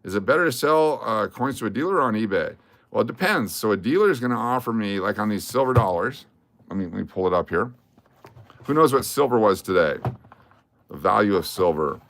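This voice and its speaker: Low-voiced chatty man hosting a livestream. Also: lively intonation, a little fast, a bit bright. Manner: chatty, rambling, reads out viewer names and requests. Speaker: livestream host. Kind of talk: casual livestream chat.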